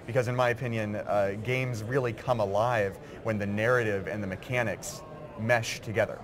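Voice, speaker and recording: A man with a low, steady voice explains his craft in eager rushes, as if at a busy convention floor. a loud crush of crowd chatter runs behind him the whole time. he talks in a casual, conversational interview. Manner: eager, quick bursts of explanation. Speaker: game writer guest.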